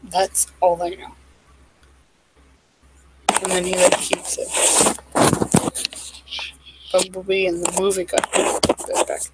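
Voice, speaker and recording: A woman vlogging in a casual, rambling way, with lots of "like" and "um", quick asides and apologies. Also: on the low side, monotone, very noisy.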